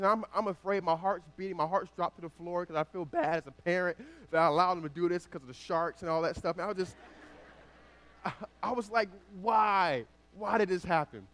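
Guy pastor preaching, kinda high voice, goes big and loud then drops to soft storytelling. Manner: swings between loud emphatic preaching and quiet storytelling. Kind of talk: sermon.

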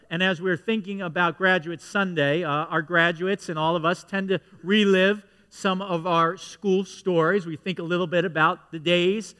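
A man preaching a sermon to his congregation, telling a story with lively asides that pull the listeners in. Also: high-pitched, in a large hall. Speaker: pastor. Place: church sanctuary.

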